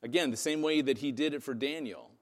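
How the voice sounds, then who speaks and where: A man's voice: medium pitch, brisk. Man preaching in a reverberant hall. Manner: conversational, asks "right?" often. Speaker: pastor. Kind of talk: sermon.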